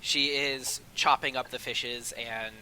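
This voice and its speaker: Bright-voiced man running a tabletop game. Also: medium pitch, steady tone, slow pace, a little hiss or hum, rough recording. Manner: casual, hesitant, lots of ums. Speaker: game master.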